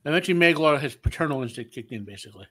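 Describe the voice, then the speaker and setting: A man co-hosting a reaction video in casual group commentary, blunt and quick to interrupt and argue. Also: on the high side, lively intonation, pushed and bright, husky.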